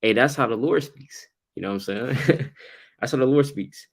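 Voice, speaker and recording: A man leading an informal bible study discussion, talking in an animated way and firing off rhetorical questions, often tagging on "right?" and "man". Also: mid-range voice, moderate pace, creaky.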